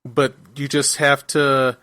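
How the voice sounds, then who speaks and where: A man's voice: mid-range voice, level tone, slow pace, bright, forceful tone, no room sound. A man hosting a casual podcast discussion, talking enthusiastically and rambling with many fillers. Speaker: podcast host.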